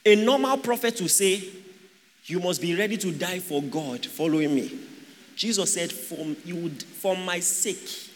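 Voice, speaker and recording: A man's voice: high-pitched, expressive, measured pace. A man preaching a sermon, asking the congregation rhetorical questions and joking with them. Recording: long hall reverb.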